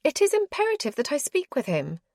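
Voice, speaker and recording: A woman's voice: sits high, wildly swooping pitch, a little fast, a little mellow, no echo, studio quality, voice pushed up, full character voice. A woman voicing a proud, well-bred young lady who is nervous but insistent, speaking in a prim, formal way.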